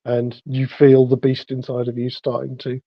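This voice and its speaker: A man narrating as the storyteller of a tabletop game, relaxed and full of fillers. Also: mid-range voice, normal speed, no echo. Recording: dull lo-fi sound.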